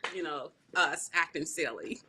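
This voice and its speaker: A woman's voice: low-pitched, moderate pace, sharp tone, husky. A woman in her sixties from Mississippi with a Southern accent, chatting as a guest in a drawling, laughing way. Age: 60s. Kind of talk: casual chat.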